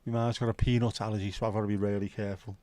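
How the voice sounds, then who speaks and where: A man's voice: on the low side, flat delivery, very fast, a little mellow, no room sound. A man hosting a livestream, chatting casually and cheekily with viewers and reading out their comments by name. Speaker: livestream host.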